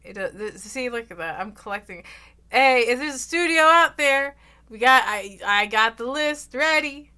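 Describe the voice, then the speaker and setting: A young woman with an American Southern accent, chatting loudly and casually with her stream audience, rambling and swearing freely. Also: expressive, normal speed, smooth. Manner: loud, rambling, swears freely, bursts into shrill laughs. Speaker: VTuber streamer.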